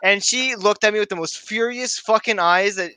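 A young man from Canada, co-hosting a podcast and telling a story in an excitable, casual way. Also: high-pitched, moderate pace, clear, resonant tone, dry recording. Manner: excitable storytelling with frequent swearing. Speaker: podcast co-host. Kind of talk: casual chat.

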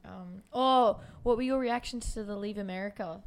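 A young woman with an Australian accent, co-hosting a podcast and telling animated stories in casual chat, with some swearing. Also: medium pitch, normal speed. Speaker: podcast co-host.

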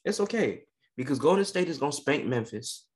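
Man ranting heatedly with animated pitch. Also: a little fast. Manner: heated, scolding, swearing freely. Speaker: podcast co-host. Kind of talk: profane sports rant.

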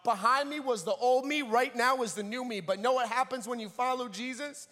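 A man's voice: very high-pitched, a little fast, long reverb tail. A young man giving a sermon in a church, telling a personal story and acting out the people in it. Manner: animated storyteller, acting out voices. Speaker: preacher.

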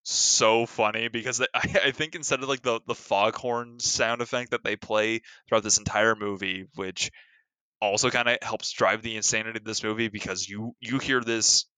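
A man's voice: lowish voice, steady tone, normal speed, pushed and bright, smooth, no echo, low-quality recording. A man in casual podcast chat about a film, rambling with lots of filler words and frequent laughs.

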